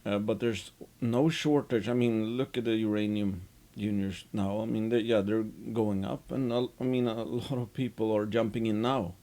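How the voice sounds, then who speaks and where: Low gravelly guy talking markets, slow and rambling, lots of uhs. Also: steady tone, warm tone. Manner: unhurried, rambling with restarts and fillers. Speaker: investing commentator. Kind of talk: casual market commentary.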